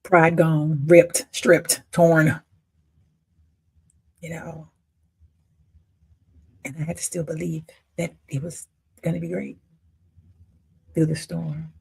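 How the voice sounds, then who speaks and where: Gravelly husky woman in her fifties. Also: deep voice, flat delivery, takes it slowly, long pauses. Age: 50s. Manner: emotional, emphatic, swinging between loud declarations and near-whispers. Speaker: independent filmmaker. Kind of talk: personal storytelling monologue.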